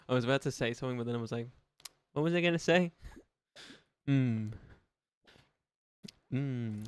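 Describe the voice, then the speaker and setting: An Australian man with a medium-pitched, smooth, slightly mellow voice chats on a casual gaming livestream. He rambles, jokes, and laughs often.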